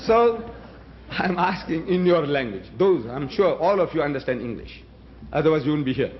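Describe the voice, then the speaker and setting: Man, Gujarati speaker, fairly high voice, rhetorical debate speaker on a dull lo-fi recording. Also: expressive, measured pace, long pauses. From South Africa. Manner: emphatic, rhetorical, challenges the audience with questions. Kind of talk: public debate address.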